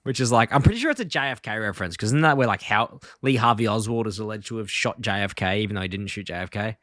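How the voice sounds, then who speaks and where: A man's voice: fairly low pitch, fast talker, fairly bright tone, no echo, clean studio sound. Rambling male podcast co-host. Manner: rambling retelling of episode plots, many fillers. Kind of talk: casual chat.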